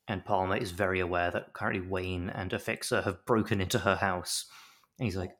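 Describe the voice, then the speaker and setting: A man's voice: sits low, fairly even intonation, fairly quick, a bit bright. A man co-hosting a podcast, recapping a TV show in a rambling, jokey way with swearing and mock-pompous bits. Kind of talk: casual chat.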